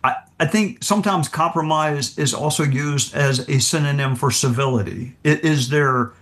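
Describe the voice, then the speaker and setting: A man's voice: fairly high pitch, moderate pace, a bit bright. A man answering as an interview guest, candid and wry, often restarting his sentences as he thinks aloud. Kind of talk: conversational interview.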